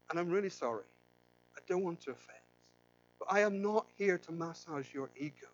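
Over dull audio with a little hiss or hum, a pastor with a slightly high voice pleads with his congregation and questions them during a sermon. His impassioned delivery moves between loud pleading and quiet intensity, full of repeated and restarted phrases.

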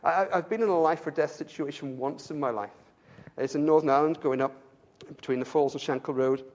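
Delivering a sermon to his flock, a pastor from England speaks briskly in a steady, slightly mellow voice. He is earnest throughout, doubling back on words as emotion takes hold, his pitch lifting as his fervor grows.

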